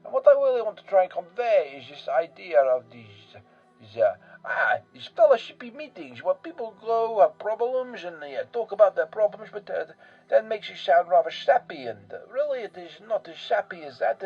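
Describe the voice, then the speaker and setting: Male actor plays a rambling, bragging European eccentric, comic monologue, fairly high husky voice, dull lo-fi recording with faint music. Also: lively intonation, a little fast. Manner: rambling, full of fillers and self-mockery. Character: rambling boastful European man, recovering drinker.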